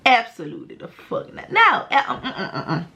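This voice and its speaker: Profane, animated young woman storyteller. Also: fairly high pitch, a little fast, creaky. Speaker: vlogger. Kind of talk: casual storytime vlog.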